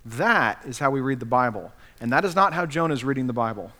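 A man's voice: mid-range voice, animated, fast, pushed and bright. A man preaching a sermon as pastor, earnestly acting out the quotes he cites.

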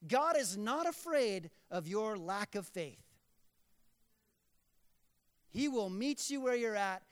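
A man preaching a sermon in a church, telling scripture scenes in an animated way. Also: high voice, takes it slowly, clear, resonant tone. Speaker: pastor. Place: church sanctuary. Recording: long reverb of a church hall.

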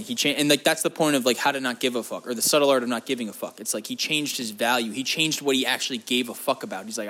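Crude, profane, and jokey, a young vlog host rambles to his audience, hopping between tangents. His medium-pitched voice sounds pushed and bright.

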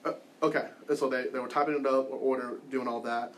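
A man's voice: mid-range voice, fairly even intonation, quick pace. A man teaching a church class, leading a group, telling a personal story with wry self-deprecating humor in a loose, conversational way. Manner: loose and conversational, frequent ums and restarts.

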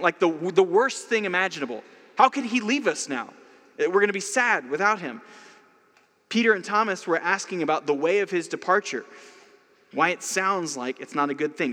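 A man's voice: sits high, sharp tone, in a large hall. A man preaching a sermon in a conversational way, with casual asides. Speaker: pastor.

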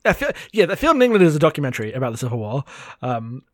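A man's voice: mid-range voice, big pitch swings, racing, dry recording, studio quality. A man co-hosting a podcast in casual chat, rambling and laughing often while recounting films over a remote call. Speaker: podcast co-host. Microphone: remote call mic.

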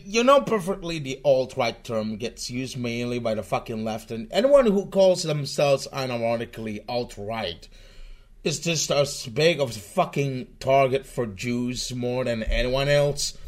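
A man streaming and reacting to clips, swearing and mocking, swinging from mutters to loud outbursts. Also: mid-range voice, big pitch swings, unhurried. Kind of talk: casual profane commentary. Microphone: webcam setup microphone.

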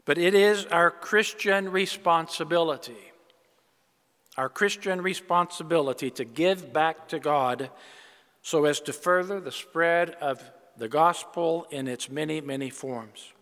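An older male preacher delivering a sermon in a church. His voice sits slightly high for a man. A long reverb trails behind him as he tells stories and then speaks earnestly. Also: a little slow, a bit bright.

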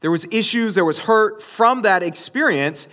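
A man's voice: sits high, lively intonation, normal speed, fairly bright tone. A man giving a sermon, telling a personal story to his audience in a rambling way with many restarts and fillers. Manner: addresses the audience directly.

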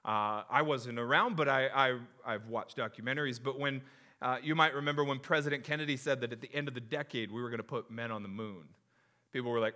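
A young man preaching a sermon in an animated, joking way, acting out the crowd's reactions. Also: mid-range voice, fairly quick. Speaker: pastor.

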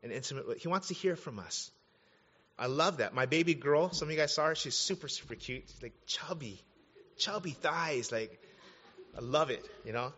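Male pastor, 30s, lively conversational sermon, bright forceful voice, muffled sound. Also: on the high side, normal speed. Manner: animated, conversational preaching with asides. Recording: dull sound, long hall reverb.

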